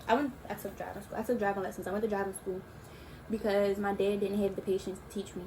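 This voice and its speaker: A young woman in her early twenties chatting casually as a YouTuber, telling a storytime in a relaxed, slangy way with drawn-out asides. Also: mid-range voice, a little hiss or hum, poor audio. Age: young adult.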